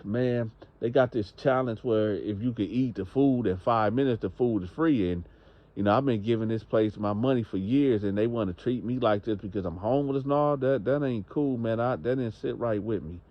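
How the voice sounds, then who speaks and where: A man's voice: medium pitch, moderate pace, highs cut off, close to an everyday voice. A man voicing a wronged homeless man, exasperated and protesting. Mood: aggrieved.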